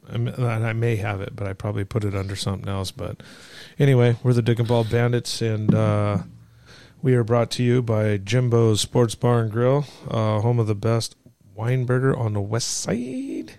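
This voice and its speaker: A man's voice: mid-range voice, moderate pace, creaky, darkish tone, dry recording. A man hosting a podcast, talking in loose, profane, joking banter with his friends. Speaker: podcast host. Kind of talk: casual crude banter.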